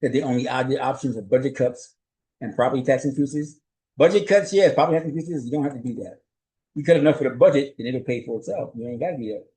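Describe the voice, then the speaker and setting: A man's voice: mid-range voice, racing, mellow, poor audio. A male host and journalist giving a solo commentary recap. He speaks conversationally and rhetorically, keeps asking "right?", and chuckles often.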